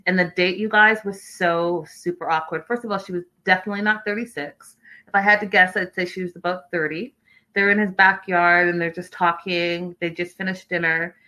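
A woman's voice: medium pitch, bright, forceful tone, rough recording. A young adult woman hosting a casual live recap, gossiping about a reality show and answering viewer comments. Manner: chatty and gossipy, reads viewer comments aloud. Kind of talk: casual livestream recap chat.

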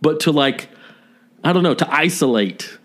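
Man, podcast co-host, heated profane ranting, swooping lively pitch. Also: normal speed. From Southern United States. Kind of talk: casual podcast chat.

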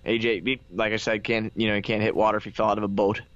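A man's voice: fairly low pitch, little pitch movement, quick pace, fairly bright tone, dry recording, highs cut off. A man co-hosting a casual sports podcast, glum and complaining, stammering through his sentences. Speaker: podcast co-host.

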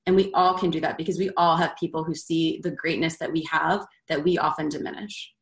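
Low-voiced woman in an echoey room. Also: flat delivery, brisk. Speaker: podcast guest, networking founder. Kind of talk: casual interview chat.

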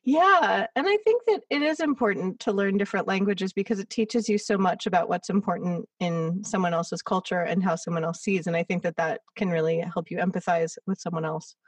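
A woman's voice: medium pitch, a little fast, few pauses, no room sound, recorded from a distance. A woman chatting casually and animatedly, giggling often and using many fillers. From United States. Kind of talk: casual conversation.

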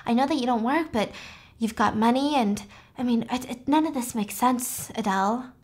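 A woman's voice: fairly high pitch, normal speed, slightly rough. A woman voicing a worried female friend who speaks with urgent, pleading concern.

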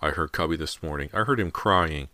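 A man's voice: extremely low pitch, fairly quick, pushed and bright, no room sound. A man voicing a sulky young boy who mutters and pouts. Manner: muttering, pouty.

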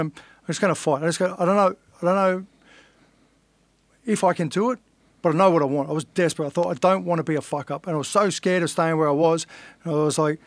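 A man's voice: fairly high pitch, dry recording. Blunt man telling his story. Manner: blunt, earnest, swears casually. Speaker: guest, fighter. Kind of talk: casual storytelling interview.

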